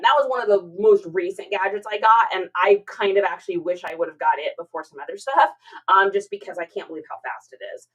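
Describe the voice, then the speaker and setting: A middle-aged woman hosting a casual live stream, chatting and reading out viewer comments in an expressive way, with many fillers and repeated words. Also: mid-range voice, poor audio.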